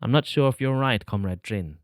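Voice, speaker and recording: A man's voice: medium pitch, fairly quick, no echo, clean studio sound, close to an everyday voice. A man reading a cheeky, curious boy who likes teasing, in an audiobook. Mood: playful. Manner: playful, teasing.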